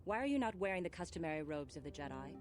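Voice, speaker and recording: A stern young Jedi student. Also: male voice, fairly high pitch, sing-song, quick pace. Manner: formal, scolding. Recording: game audio with music.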